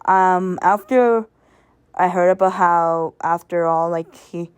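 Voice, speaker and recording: A woman with a fairly low, smooth voice talks slowly in a dry recording. As a video reviewer, she rambles casually and sentimentally, stumbling, restarting and laughing throughout.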